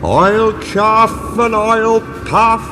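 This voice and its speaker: A man voicing a timid, kindly old male tram engine who speaks in a shaky, hushed way. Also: sits high, very slow, music in the background, pitched above the performer's own voice. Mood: defiant.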